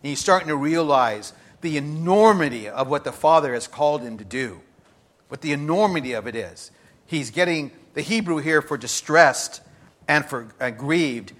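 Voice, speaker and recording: A middle-aged man preaching a sermon to a congregation, reading scripture aloud and swinging between loud emphasis and quiet, hushed confession. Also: on the high side. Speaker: pastor.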